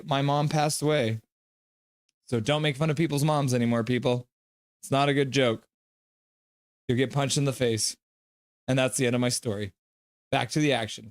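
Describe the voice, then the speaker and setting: A man's voice: medium pitch, no echo, studio quality. Rambling man hosting a live stream. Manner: rambling, reads chat messages aloud. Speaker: livestream host. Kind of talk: casual chat and play-by-play commentary.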